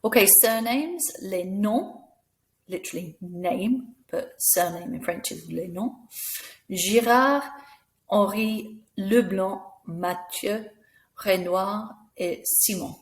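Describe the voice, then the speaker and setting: Lady teacher, talks slow and patient, middle-aged, walks you through each sound. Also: medium pitch. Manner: patient, encouraging, spells sounds out carefully. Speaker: language teacher. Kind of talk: slow, clear classroom instruction.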